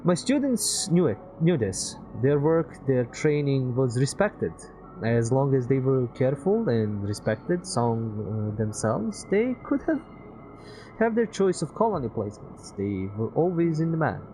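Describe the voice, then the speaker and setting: A man's voice: medium pitch, sing-song, measured pace, mellow, a little hiss or hum, pitched above the performer's own voice, poor audio. Man voicing a grieving former teacher. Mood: earnest. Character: weary male ex-teacher, grieving, earnest. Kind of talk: reading game dialogue aloud. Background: music.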